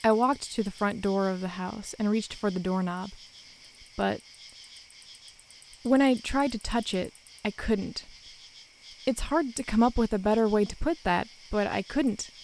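Woman calmly narrating a horror story. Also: mid-range voice, unhurried, slight background noise, low-quality recording. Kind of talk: first-person scripted horror story narration.

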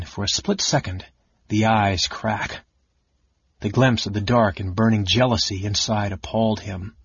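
Male audiobook narrator, steady, low-pitched, husky, dull dry recording. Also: no room sound. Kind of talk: scripted narration of a fantasy novel.

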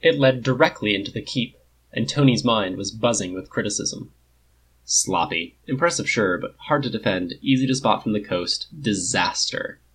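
A man narrating a story in a measured, even reading voice. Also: fairly low pitch, slightly rough.

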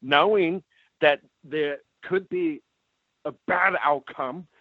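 A man telling a personal story in an animated, emphatic way, often repeating phrases for effect. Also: fairly high pitch, slow, no room sound. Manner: animated, emphatic, repeats "let me tell you". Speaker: storyteller guest. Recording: tinny phone-like sound.

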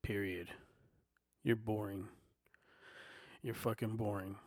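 A man hosting his own podcast from his desk, ranting heatedly and profanely, filling pauses with "you know" again and again. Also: on the low side, level tone, dry recording, clean studio sound. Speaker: podcast host. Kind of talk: casual solo podcast rant. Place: home desk. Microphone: desktop microphone and recorder.

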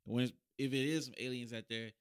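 A man's voice: mid-range voice, fairly even intonation, fast talker, clear, resonant tone, dry recording, studio quality. A young man hosting a casual podcast chat in loose slang, often trailing off and restarting. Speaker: podcast host.

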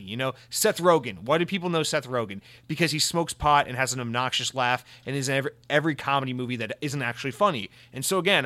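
Man, solo podcast host, sarcastic, mock-serious rant, mid pitch. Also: quick pace, few pauses, sharp tone.

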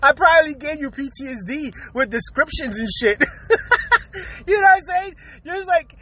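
A man with a very high, bright, tense voice tells rowdy comic stories in a loose podcast chat. He swears constantly, laughs through his lines and hammers his points with loud emphasis. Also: lively intonation, normal speed. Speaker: podcaster recalling his own episode. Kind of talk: casual comic storytelling.

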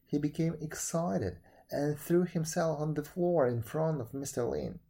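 A man reading a folk tale aloud in a measured, even narrating voice. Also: fairly high pitch, vocal fry. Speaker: storyteller. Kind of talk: storybook read-aloud.

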